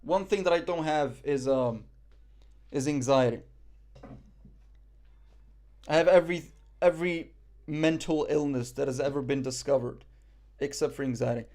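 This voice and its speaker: A man's voice: a little high, normal speed, pauses often, darkish tone. A young man from Morocco chatting casually on a live stream, reading the chat and making self-mocking jokes. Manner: joking, self-mocking banter.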